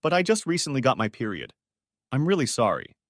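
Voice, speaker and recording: A man voicing an evasive adult wife who speaks sweetly while hiding things, with his pitch lightly raised for her lines. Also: huge pitch swings, a little fast, dry recording, studio quality.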